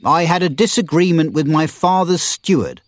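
A man's voice: on the high side, moderate pace, no room sound, voice pushed up, close to an everyday voice. A man voicing a proud, tough young swordsman who talks in a blunt, defiant way.

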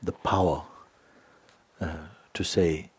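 A man giving a spiritual talk, telling a story in an unhurried way with many hesitations. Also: low-pitched, flat delivery, breathy edge. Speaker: spiritual teacher.

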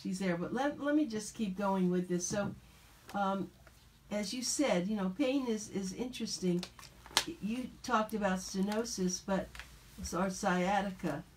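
A woman with a middle-range voice hosting a relaxed interview. She nudges her guest along with short, encouraging questions, and there is faint noise behind her. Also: medium pitch, measured pace. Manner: encouraging, brief prompts. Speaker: interview host. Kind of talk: casual interview.

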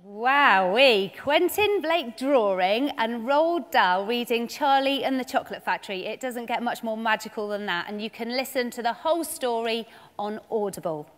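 Upbeat lady hosting a kids' show, high voice, long echo in a big theatre. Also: lively intonation, moderate pace, soft background music. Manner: bubbly, enthusiastic. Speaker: event host. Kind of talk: live children's show presenting. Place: large theatre. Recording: echoey theatre hall.

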